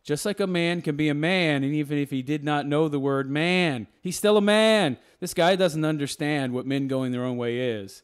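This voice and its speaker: A man's voice: a little high, fairly even intonation, moderate pace, few pauses, clear, resonant tone. A man giving argumentative reaction commentary, lecturing and rebutting a video point by point.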